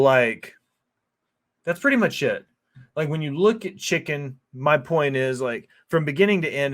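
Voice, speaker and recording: A man who is a chef, talking through a cooking video in a loose, rambling way, swearing freely and filling gaps with "like" and "um". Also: medium pitch. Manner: profane, loose and rambling with lots of fillers. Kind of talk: casual cooking voice-over.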